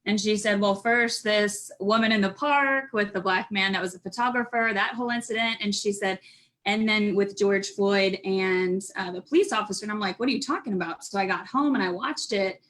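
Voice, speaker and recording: A woman guest giving a candid personal account, emotional and halting with many restarts. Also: medium pitch, a bit bright.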